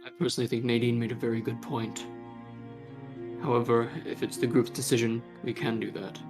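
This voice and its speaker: A man playing in a tabletop game, speaking in a calm, reasonable way. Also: mid-range voice, fairly quick, music in the background. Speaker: player. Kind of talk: tabletop play.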